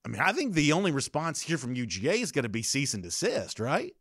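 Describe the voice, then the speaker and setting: A man's voice: mid-range voice, very animated, fast, fairly bright tone, slightly rough, dry recording, studio quality. A man hosting a sports podcast, giving opinionated, conversational commentary with frequent fillers and restarts.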